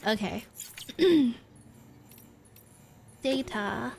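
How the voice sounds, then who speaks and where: A woman live-streams a game, reading its text aloud and cutting in with casual remarks and laughs. Her voice sits slightly high. A faint background hum sits under the recording. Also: expressive, drawn-out words, creaky.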